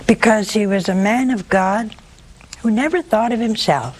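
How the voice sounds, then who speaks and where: A woman's voice: on the high side, moderate pace, slight background noise, low-quality recording. Woman preacher telling a story with a sore throat. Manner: lively, animated storytelling with humor. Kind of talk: sermon storytelling.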